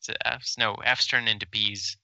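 A man with a low but very bright, sharp voice trades quick, laughing banter as a podcast co-host. The recording is close and dry, with no room sound. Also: flat delivery, no room sound. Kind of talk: casual chat.

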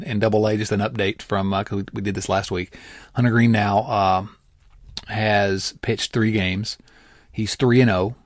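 A man's voice: lowish voice, no room sound, studio quality. A man co-hosting a casual sports podcast, rambling with fillers and teasing his partner. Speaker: podcast co-host.

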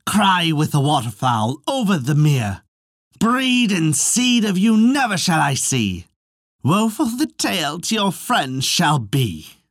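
A reader voicing a vengeful enchantress stepmother who lays a curse in slow, solemn, chanted lines. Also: medium pitch, big pitch swings, no room sound, clean studio sound, voice pushed up, heavily acted. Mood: cursing.

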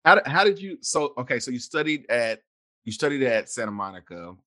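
A man's voice: mid-range voice, very animated, fairly quick, pushed and bright. A man hosting a casual interview, asking questions with frequent restarts. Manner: stumbling restarts, friendly questioning. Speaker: host.

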